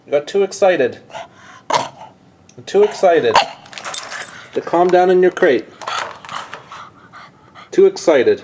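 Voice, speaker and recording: Pet owner cooing at a puppy real slow, mid pitch, noisy home video. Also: expressive. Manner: slow, soothing, coaxing pet talk. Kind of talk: talking to a puppy. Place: at home with a dog. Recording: home video with background noise.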